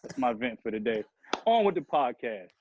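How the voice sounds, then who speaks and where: A man's voice: medium pitch, very animated, moderate pace, darkish tone. A man ranting heatedly and profanely on a podcast, rambling from one grievance to the next. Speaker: podcast guest rapper. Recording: dull lo-fi sound.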